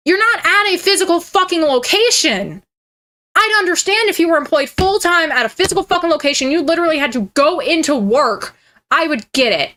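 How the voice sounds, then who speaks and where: A woman's voice: very high voice, animated, fairly quick, bright, forceful tone. A woman in her twenties, a streamer giving heated, profane reaction commentary with a mocking edge. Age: 20s.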